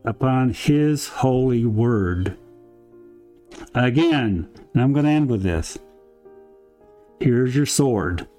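A man as pastor, giving a slow, emphatic Bible study sermon with rhetorical questions. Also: mid-range voice, warm tone.

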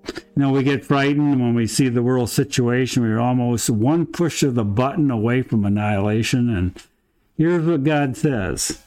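Male pastor, mid-pitched, unhurried emphatic sermon delivery, faint music underneath. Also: dark tone. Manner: slow, emphatic preaching with rhetorical questions. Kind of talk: Bible study sermon.

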